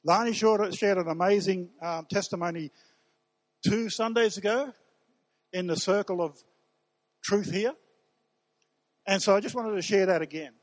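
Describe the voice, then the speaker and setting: A man's voice: high-pitched, normal speed, long pauses, no echo, poor audio. A man preaching as a pastor at a church service, emphatic, putting questions to the congregation. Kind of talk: sermon.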